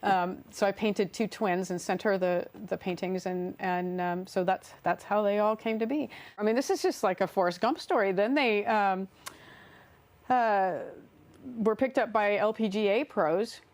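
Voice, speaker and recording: A middle-aged woman, an artist and songwriter, shares casual stories in an interview, laughing frequently and filling in with restarts and fillers. Her mid-range voice is darkish and her pace measured.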